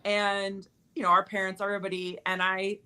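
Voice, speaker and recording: Woman volleyball coach, bright voice, animated storyteller, casual chat. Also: medium pitch, normal speed, clear, resonant tone. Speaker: volleyball coach and podcast host.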